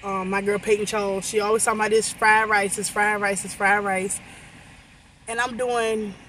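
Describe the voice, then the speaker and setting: A bright, bubbly woman vlogging into her phone from her car, chattering in an excited rush. Her voice is going a little hoarse. She pitches high and lively, with a touch of faint noise behind her. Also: moderate pace. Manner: excited, rambling, talks straight to viewers. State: losing her voice. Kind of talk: casual vlog chat to camera. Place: in a car in a shopping center lot. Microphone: phone camera held by hand.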